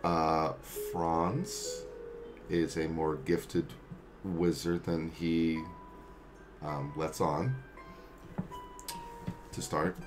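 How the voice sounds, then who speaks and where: Man player, very deep voice, unhurried and halting, faint music behind. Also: flat delivery. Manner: slow, halting, with frequent ums. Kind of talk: tabletop game play, reading and casual talk.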